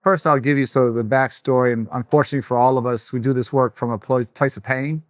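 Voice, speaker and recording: Quick, earnest middle-aged man. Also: mid-range voice, steady tone, no echo, clean studio sound. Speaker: guest, former education official. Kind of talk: casual conversation.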